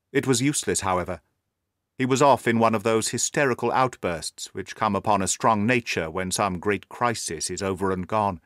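A man's voice: lowish voice, no room sound. Man narrating a period story, dry close sound. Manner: measured, formal storytelling. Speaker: audiobook narrator.

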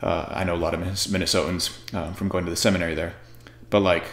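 Very deep gravelly man in an echoey room. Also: flat delivery, fast. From Arizona. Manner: rambling, joking. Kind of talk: casual monologue.

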